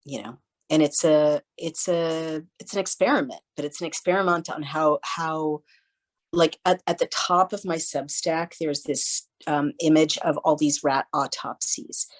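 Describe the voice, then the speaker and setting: A woman guest in a casual interview, telling stories in an animated way and acting out the voices of people she quotes. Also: sits low, unhurried, rough recording. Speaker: podcast guest.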